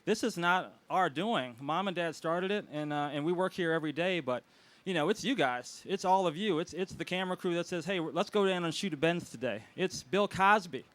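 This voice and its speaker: A man with a smooth, clear and fairly high voice speaks to a crowd outdoors on a city street, holding a microphone. He sounds emotional and grateful, and his voice swells whenever he calls out for applause. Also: fairly quick, fairly bright tone. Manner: emotional, grateful, announcing with rising volume. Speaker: restaurant co-owner and event host. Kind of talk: outdoor anniversary speech.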